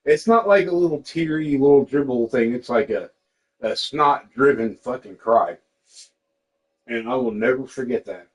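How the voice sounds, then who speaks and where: A young man talks in a loose, candid way, swearing freely as he tells stories. He jumps into lively voices to act out what others said to him. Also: medium pitch, poor audio. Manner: candid and profane, quotes people in lively voices. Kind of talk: casual storytelling chat.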